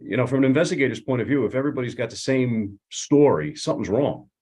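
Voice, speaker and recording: A man's voice: medium pitch, fast, darkish tone, husky. A man, an attorney co-hosting a casual legal discussion, talking conversationally with many fillers. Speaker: attorney and co-host.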